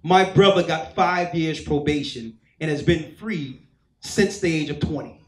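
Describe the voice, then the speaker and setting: A man with a high voice preaches a sermon, telling his own story and voicing the people in it. His voice rings through an echoey hall. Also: unhurried. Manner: storytelling, acts out quoted voices. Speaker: church elder preaching. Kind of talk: sermon testimony.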